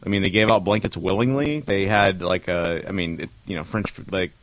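A man's voice: sits low, no echo, poor audio. A man co-hosting a podcast who jokes and riffs in casual chat. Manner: joking, quick to riff. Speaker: podcast co-host.

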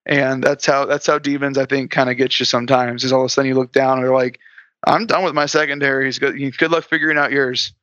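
A man's voice: medium pitch, level tone, quick pace, sharp tone, dry recording, muffled recording. A man casually recounting a tabletop game on a podcast, restarting his sentences and laughing lightly. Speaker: guest player.

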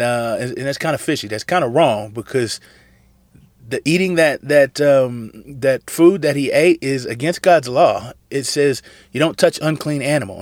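A man casually retelling a Bible story in slangy, animated talk, acting out the characters' lines. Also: medium pitch, no echo. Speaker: Bible study teacher.

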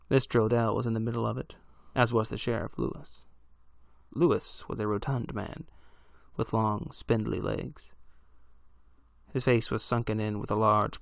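A man narrating a horror story in a measured, deliberate way. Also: medium pitch, creaky, no echo, clean studio sound.

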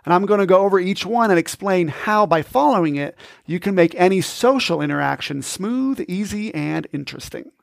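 Man, podcast host, high voice, gravelly, upbeat scripted narration, dry close mic. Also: expressive, a little fast, hardly any pauses, dry recording. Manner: upbeat, instructive.

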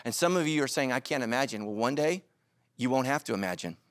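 A man's voice: medium pitch, fairly quick, no echo, studio quality. A middle-aged man preaching a sermon as a pastor, telling stories with jokes and acting out quotes. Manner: animated storytelling with jokes and acted-out quotes.

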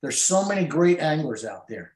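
A man's voice: fairly high pitch, big pitch swings, moderate pace, a little mellow. Middle-aged male angler guest, emotional and rambling, recorded with room echo. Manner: emotional, rambling with many fillers. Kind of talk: storytelling interview. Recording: roomy echo.

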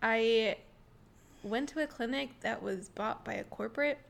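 A woman co-hosting a casual podcast, telling a story with lots of energy. Her voice is fairly high with a gravelly fry. She laughs often and acts out her own gasps. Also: unhurried. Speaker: podcast co-host.

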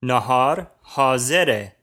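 A man's voice: mid-range voice, animated, slow, pushed and bright. A man co-hosting a language lesson podcast as the learner, repeating new words back. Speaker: co-host, learner.

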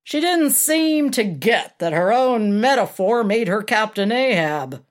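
A woman's voice: fairly high pitch, animated, measured pace, pitched above the performer's own voice. A woman voicing a large middle-aged male character actor who talks bluntly and crudely. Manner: blunt, crude, matter-of-fact.

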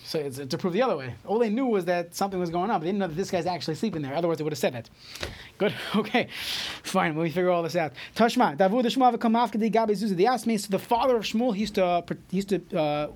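A man teaching a Talmud class, reading Aramaic lines and explaining them in English, often halting and repeating words. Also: sits high, darkish tone.

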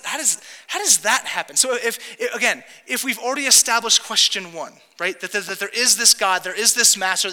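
A man's voice: high voice, bright, forceful tone. A man preaching a sermon as pastor, casual and joking, acting out the quotes he tells. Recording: long hall reverb.

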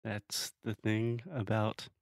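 A man's voice: on the low side, completely flat delivery, slow pace, creaky, no room sound, studio quality. A man, co-hosting a podcast and casually explaining English pronunciation in a playful, teasing way. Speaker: podcast co-host, English teacher. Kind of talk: casual conversational English lesson.

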